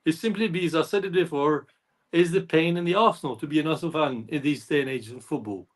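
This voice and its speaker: High-pitched rambling football fan man. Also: quick pace. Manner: rambling, repeats himself, mimics others' speech. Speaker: fan channel co-host. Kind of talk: casual football fan chat.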